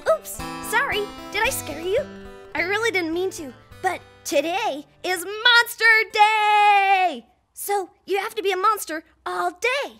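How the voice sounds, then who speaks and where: A woman doing an excitable little boy puppet. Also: very high voice, exaggerated voice. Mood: cheerful. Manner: excitable, chatty, talks to viewer directly. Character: playful little boy puppet, pre-school vlogger. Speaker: puppet show host. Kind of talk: children's puppet show.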